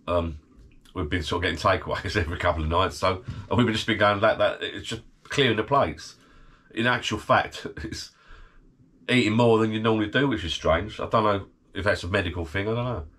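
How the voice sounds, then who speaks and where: A man's voice: lowish voice, brisk, a bit bright. A middle-aged man recovering from illness, chatting casually to his channel from his garden bar shed, rambling and laughing often. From United Kingdom. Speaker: channel host. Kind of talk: casual vlog chat.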